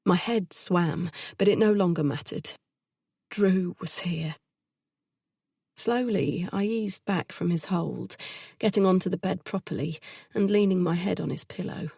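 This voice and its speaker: A woman narrating a first-person audiobook in an intimate, measured way, recorded on a close studio mic. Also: fairly low pitch, vocal fry, dark tone, husky, no echo.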